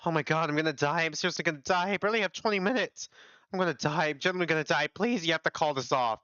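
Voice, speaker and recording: A man's voice: on the high side, rapid-fire, pushed and bright, clean tone, no echo. A man voicing a panicked young man who pleads over the phone for someone to save him, with a dull, lo-fi sound. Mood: frantic pleading. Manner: frantic, pleading.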